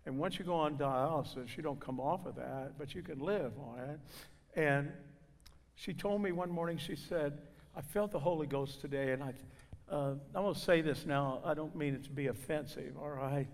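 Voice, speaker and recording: A man's voice: fairly high pitch, moderate pace, gravelly. Preacher man telling a testimony. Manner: storytelling, acting out quoted voices. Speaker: guest preacher. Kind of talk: sermon testimony. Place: church. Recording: reverberant church hall.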